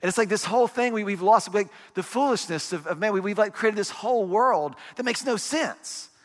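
A pastor in his forties delivers a sermon in an animated, storytelling manner, asking his listeners question after question. His voice sits a little high for a man. The sound carries a long reverb, as in a large hall. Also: a little fast. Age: 40s.

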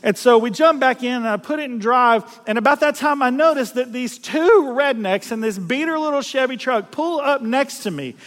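A middle-aged man from South Louisiana, preaching a storytelling sermon in a folksy, animated way, acting out voices and laughing at himself. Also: extremely high pitch, normal speed, few pauses, in a large hall.

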